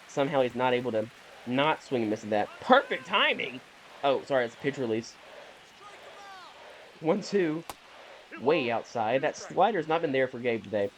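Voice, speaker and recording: A man's voice: medium pitch, slight background noise. A young man giving casual, rambling commentary over a video game, often correcting himself and sounding mildly exasperated. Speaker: gaming YouTuber.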